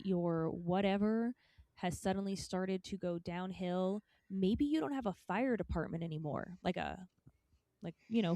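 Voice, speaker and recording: A woman's voice: mid-range voice, warm tone, dry recording. A woman co-hosting a podcast, talking frankly and a bit facetiously in casual political discussion. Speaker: podcast co-host.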